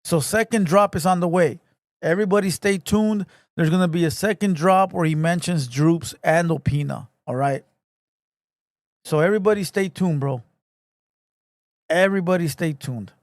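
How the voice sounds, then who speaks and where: Profane, high-voiced hype host. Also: male voice, moderate pace, no echo, studio quality. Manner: profane, slangy, hype street talk with shout-outs. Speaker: podcast host. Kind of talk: casual livestream podcast talk.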